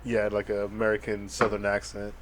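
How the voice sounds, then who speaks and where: A man's voice: on the low side, monotone, brisk. A young man co-hosting a podcast, laid-back and cursing, with hesitant fillers. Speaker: podcast co-host. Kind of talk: casual chat.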